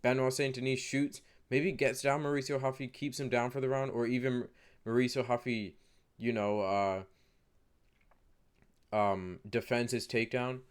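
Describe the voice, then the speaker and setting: A man's voice: mid-range voice, flat delivery, moderate pace, smooth. A man casually talking through fight predictions to camera in a rambling way. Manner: rambling, many fillers and restarts. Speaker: MMA fight predictions vlogger.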